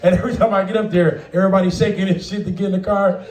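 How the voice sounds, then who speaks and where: High-voiced man doing stand-up, echoey room. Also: steady tone, rapid-fire, a little mellow, far from the mic, soft background music. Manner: profane, laughing, acts out quoted voices. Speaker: stand-up comedian. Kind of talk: stand-up comedy set. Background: audience laughter.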